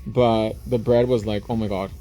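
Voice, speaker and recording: Chatty man with a mellow voice. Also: fairly low pitch, steady tone, soft background music. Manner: chatty, jokey, drawn-out asides. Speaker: nail artist and livestream host. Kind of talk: casual livestream chat while doing nails.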